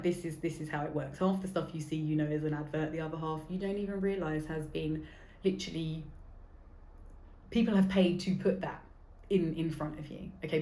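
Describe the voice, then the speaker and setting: A woman of about forty chats alone on her podcast, sitting in an echoey room. Her voice sits slightly low, and she talks bluntly and swears freely. She keeps wandering off on tangents. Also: a little mellow. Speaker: podcast host. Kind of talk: casual solo podcast chat. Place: seated in a room recording a podcast.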